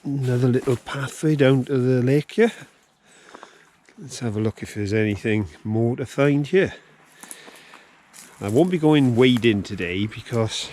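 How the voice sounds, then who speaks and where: Chatty man, slow and easy. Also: mid-range voice, a little mellow, a little hiss or hum. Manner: chatty, self-mocking. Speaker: vlog co-host. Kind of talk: casual outdoor vlog chat. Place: outdoors by a lake.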